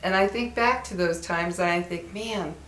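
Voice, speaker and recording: A woman's voice: on the low side, normal speed, a bit bright, a little hiss or hum. Older woman reminiscing in a roomy echo. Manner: chatty and reminiscing, acts out quoted voices. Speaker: vlogger. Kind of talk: casual chat to viewers.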